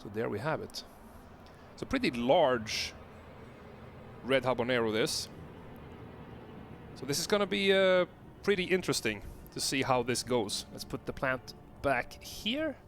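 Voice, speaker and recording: A man tasting a hot pepper on camera and talking it through casually, halting with lots of fillers and restarts. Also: medium pitch, big pitch swings, fairly bright tone, a little hiss or hum. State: gasping and coughing from pepper heat. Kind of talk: casual vlog commentary.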